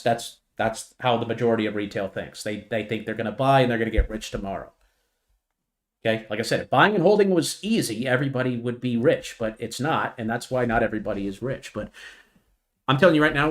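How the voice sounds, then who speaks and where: A man hosting a live trading stream, talking animatedly and mocking impatient retail traders. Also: mid-range voice. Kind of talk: live stream market commentary.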